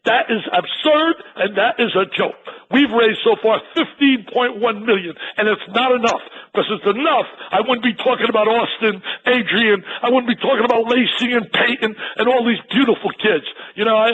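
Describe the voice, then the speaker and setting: A man's voice: very high voice, a bit bright. An older man making an emotional, pleading charity appeal as a guest on a talk show, heard over a dull lo-fi line with some hiss.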